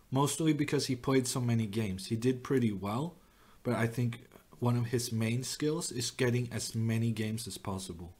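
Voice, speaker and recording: A young man, streaming chess and thinking aloud with wry, self-mocking remarks. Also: mid-range voice. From Norway. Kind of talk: live chess commentary.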